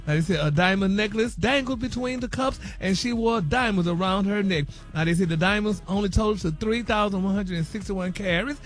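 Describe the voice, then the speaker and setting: High-voiced man dishing sassy celebrity gossip. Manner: flamboyant, sprinkles "honey" and "baby", laughs at own jokes. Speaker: celebrity news presenter on a morning show.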